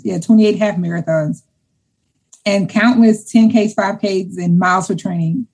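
Husky-voiced woman chatting enthusiastically. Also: medium pitch, moderate pace, low-quality recording. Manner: enthusiastic, chatty, repeats words when excited. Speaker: interview guest. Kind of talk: casual conversation.

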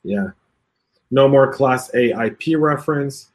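A man's voice: medium pitch, measured pace. A man hosting a casual cybersecurity panel chat, reading out comments, joking and laughing often, with lots of fillers.

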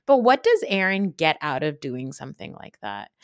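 A woman's voice: sits low, normal speed, no room sound, clean studio sound. A young adult woman hosting a podcast, recapping a reality show in a blunt, profane, casual rant full of "like.". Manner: blunt, profane, animated ranting with frequent "like". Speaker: podcast host.

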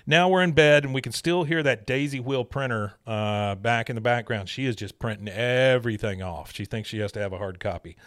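A man's voice: medium pitch, fairly quick, few pauses, fairly bright tone, no echo, studio quality. A man casually recapping cartoon scenes and mimicking the characters as he goes. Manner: retells scenes and quotes characters in put-on voices. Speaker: podcast host recapping an episode. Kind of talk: casual chat.

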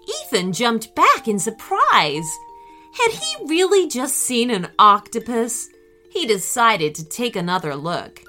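A woman narrating a children's storybook in a gentle, expressive and unhurried way. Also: on the high side, faint music behind.

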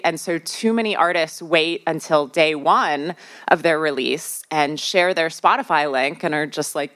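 A podcast host from the United States with a Midwestern American accent chats with the audience at a live show, asking the crowd questions and using lots of fillers. Her deep voice is clear, resonant and fairly bright.

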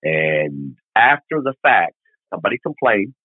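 A man's voice: fairly low pitch, a little slow, slightly rough, no echo, narrow, tinny audio. A middle-aged man from Arkansas, rambling through a long motorcycle story as a podcast guest and acting out the people in it. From Arkansas, USA. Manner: rambling, animated retelling with quoted dialogue. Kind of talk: casual storytelling.

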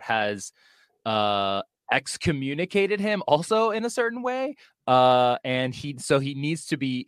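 A man talking through a movie plot in an easy, rambling way, full of ums and dry sarcastic jokes. His voice sits at an ordinary middle pitch. The sound is close and dry, with no room around it. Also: a bit bright, no echo. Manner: chatty, sarcastic, filler-heavy storytelling. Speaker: podcast host recapping a film. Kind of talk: casual chat.

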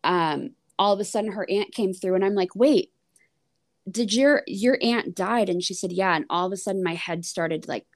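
A woman's voice: lowish voice, fairly even intonation, fairly quick, few pauses. A woman podcast guest in casual chat, talking loosely with lots of fillers. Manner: conversational, lots of "like" and "um". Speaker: podcast guest and psychic reader.

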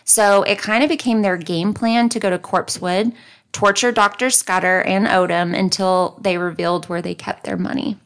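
A woman's voice: mid-range voice, steady tone, normal speed. A woman from the American South hosting a podcast, narrating a true crime case with wry asides. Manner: conversational, reads facts then comments wryly. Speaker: podcast host.

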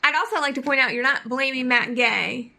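Bright, gravelly-voiced woman co-host. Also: high-pitched, fairly quick. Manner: calm, reasoning, teasing. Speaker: podcast co-host. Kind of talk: casual sports talk.

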